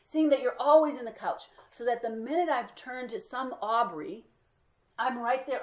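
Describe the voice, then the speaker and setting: A woman's voice: on the high side, moderate pace, echoey room. A woman teaching a group Bible study, telling stories with energy and acting out what people said. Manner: lively storyteller who acts out quoted speech.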